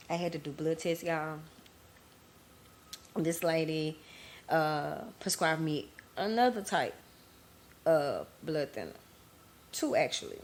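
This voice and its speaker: A woman's voice: low voice, animated, slow, pauses often, a little hiss or hum. A woman hosting her own podcast, talking candidly and emotionally, speaking straight to her listeners. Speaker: podcast host. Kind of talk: personal podcast monologue.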